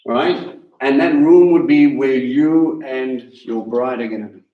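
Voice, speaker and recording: A man giving sermon-style teaching in an animated, questioning way, slowing down on the words he wants to land. His voice sits at a medium pitch. It is heard from a distance in a roomy, echoing hall. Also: phone-quality sound. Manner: animated, questioning, slows to stress key words. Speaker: teacher leading a Passover Seder. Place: congregation hall. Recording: echoey room, voice from a distance.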